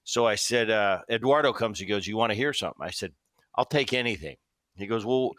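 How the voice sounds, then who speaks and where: Male podcast host in his 50s, lowish voice, dry close mic, chatty storyteller. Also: fairly quick, dry recording. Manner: storytelling, animated quoting. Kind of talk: casual interview chat.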